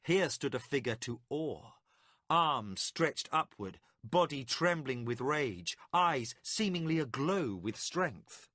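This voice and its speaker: A man reading a fantasy audiobook as scripted narration, dramatic and expressive. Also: medium pitch, takes it slowly, dry recording, clean studio sound.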